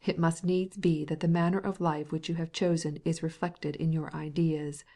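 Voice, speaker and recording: A woman's voice: deep voice, level tone, moderate pace, dark tone. A woman voicing a cold, formal, resentful middle-aged husband in an audiobook, speaking in a clipped, cold way.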